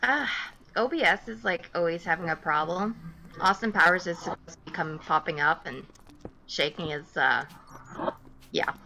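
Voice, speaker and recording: A woman's voice: on the low side, moderate pace, vocal fry, sharp tone, slight background noise. A woman livestreaming a game, giggling often and thanking and greeting viewers in casual chat. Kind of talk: casual live gameplay chat.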